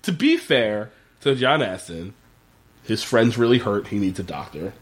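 A man in casual podcast chat, recapping a TV episode in an animated way with plenty of fillers and swearing. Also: on the low side, a little slow. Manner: animated, profane, lots of fillers. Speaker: podcast co-host.

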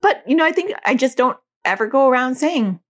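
A middle-aged woman, a mother and parent educator, explaining casually and acting out quoted lines in a higher voice. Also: expressive, brisk. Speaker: parent educator teaching about OCD.

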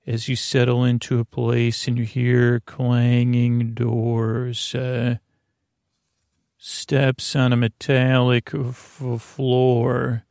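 A man hosting a podcast, telling a meandering sleep story in a creaky voice. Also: medium pitch, completely flat delivery, drawn-out words, darkish tone, no echo, clean studio sound. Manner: meandering, hesitant. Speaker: podcast host. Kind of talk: slow sleep-story narration.

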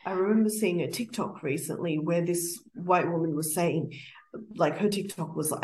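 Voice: medium pitch, normal speed, a little mellow. A podcast co-host in casual chat, telling stories in a chatty way with many fillers.

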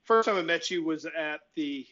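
A man's voice: fairly high pitch, moderate pace, fairly bright tone. A man interviewing an author in a friendly, rambling way, with restarts as he asks his questions. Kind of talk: conversational interview. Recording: dull lo-fi audio.

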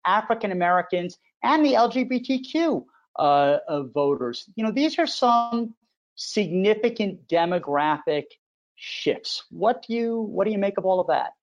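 A moderator guides a political panel, asking the guests questions and handing the floor to them. The voice is mid-pitched, and the sound is slightly dull and muffled. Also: sing-song, moderate pace. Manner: prompting questions.

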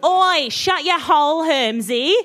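A woman's voice: sits high, animated, takes it slowly, fairly bright tone, heavily acted. A woman voicing a clumsy, gangly teenage wizard boy with a broad Australian accent. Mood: cheeky.

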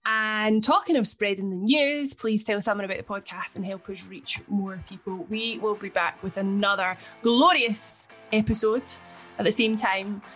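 A woman's voice: medium pitch, moderate pace, fairly bright tone, soft background music, rough recording. A young woman hosting a podcast, chatting cheekily and wrapping up the show. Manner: cheeky, laughing. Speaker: podcast host. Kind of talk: casual chat and show outro.

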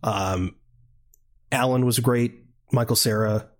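A man's voice: mid-range voice, fairly even intonation, takes it slowly. A man co-hosting a podcast, chatting casually about a film, laughing often and joking sarcastically. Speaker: podcast co-host. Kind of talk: casual chat.

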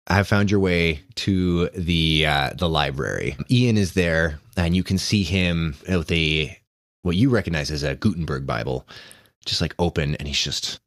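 A man's voice: very deep voice, a bit bright, no echo, clean studio sound. A man narrating as game master in casual, rambling talk.

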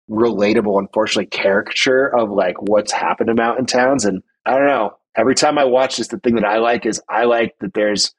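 Husky low-voiced man, podcast co-host. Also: rough recording. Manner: emphatic, many "like" fillers. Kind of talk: casual film discussion.

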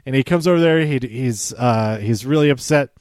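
A man's voice: mid-range voice, normal speed, a little mellow, dry recording, studio quality. A man casually recapping a wrestling show. He rambles, with lots of fillers and small laughs.

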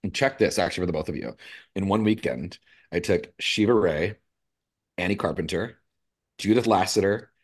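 Deep-voiced man telling stories. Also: moderate pace, long pauses. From Los Angeles, USA. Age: 30s. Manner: lively storyteller, swears freely. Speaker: podcast guest, yoga teacher. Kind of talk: casual chat.

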